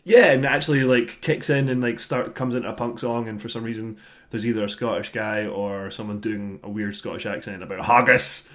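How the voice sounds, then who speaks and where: In a casual album review on a podcast, a thirtysomething co-host with a mid-range voice talks a little fast. He grumbles about a record he disliked in animated rants, swearing freely.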